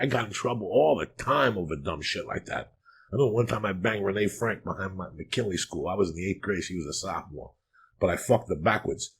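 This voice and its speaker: Gravelly, profane man telling stories. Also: on the low side, a little hiss or hum. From Cuba. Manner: profane, rambling, animated. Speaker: podcast host. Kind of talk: crude comic storytelling.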